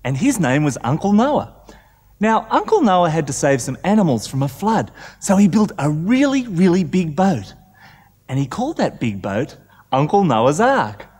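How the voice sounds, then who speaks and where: A man telling a story to children in an animated, inviting way, doing animal sounds. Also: on the high side, normal speed, slightly rough. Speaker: children's entertainer.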